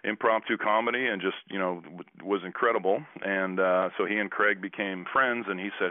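Fast-talking deep-voiced man on a phone line. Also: no echo. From Canada. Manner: rambling anecdotes with many restarts and acted-out quotes. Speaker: guest, former basketball player. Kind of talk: casual storytelling. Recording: tinny phone line, dry.

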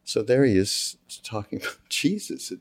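A man's voice: medium pitch, moderate pace. An older man from Canada telling stories in casual conversation, acting out the quotes and laughing often. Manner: animated storyteller who acts out quotes, laughs often.

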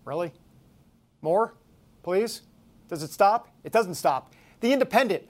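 A man's voice: high voice, lively intonation, a little slow, long pauses. A man hosting a talk show, reading headlines aloud with sarcastic disbelief. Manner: sarcastic, incredulous, mocking headlines. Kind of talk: casual news commentary.

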